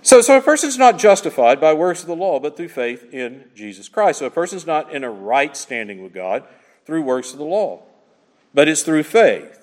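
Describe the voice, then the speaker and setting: A man's voice: on the high side, very animated, normal speed, a little mellow, in a large hall. A man preaching an expository sermon, pressing his points with emphatic repetition and rhetorical questions to the congregation. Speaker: pastor.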